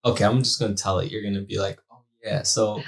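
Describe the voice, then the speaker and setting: Slangy young dad telling a story. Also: male voice, lowish voice, quick pace, gravelly. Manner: animated storyteller, slangy, acts out quotes. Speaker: podcast co-host, new father. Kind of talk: casual storytelling chat.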